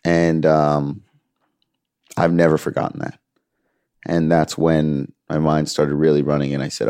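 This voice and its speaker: A man's voice: rumbling low, completely flat delivery, unhurried, long pauses, a little mellow, clean tone, no room sound, clean studio sound. A man in a candid interview, telling a story earnestly and acting out quoted dialogue. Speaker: music manager, interview guest.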